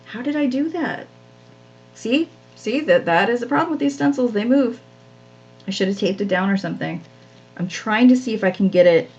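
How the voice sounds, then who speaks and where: A woman's voice: a little high, expressive, moderate pace, a little mellow, dull audio. A woman hosting a live crafting stream, chatting casually and self-deprecatingly with viewers as she works, often laughing at herself. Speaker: craft channel host.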